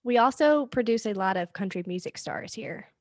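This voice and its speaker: A woman's voice: on the high side, lively intonation, normal speed, no echo, clean studio sound. A woman with a Southern Georgia accent chatting casually and a little self-consciously as podcast co-host.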